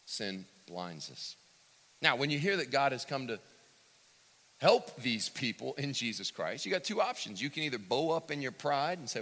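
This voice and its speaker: A man preaching a sermon, swinging from loud to hushed and acting out the quotes he cites. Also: medium pitch, very animated, normal speed. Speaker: pastor. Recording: long reverb of a church hall.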